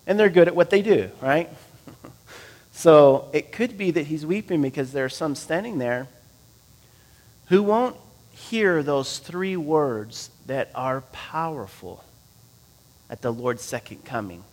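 A man preaching a sermon, reading scripture aloud and explaining it in a conversational way, asking his listeners questions and swinging between loud and quiet. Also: fairly high pitch, sing-song, measured pace, long pauses. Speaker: pastor.

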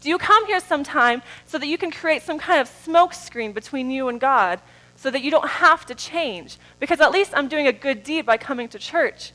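A woman preaching a sermon in a church, moving between soft, drawn-out phrases and loud, rising calls. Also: sits high, animated, poor audio.

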